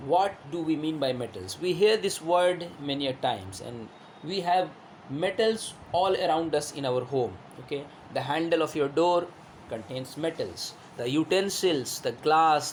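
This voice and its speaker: A man's voice: fairly high pitch, slight background noise. A male teacher giving a classroom lesson, who repeats himself, asks rhetorical questions and shows objects while explaining.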